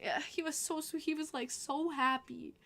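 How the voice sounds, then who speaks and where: Bubbly high-voiced Long Island woman. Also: fairly even intonation, moderate pace, a bit bright. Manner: bubbly storytelling, laughing often. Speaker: podcast host. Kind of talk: casual chat.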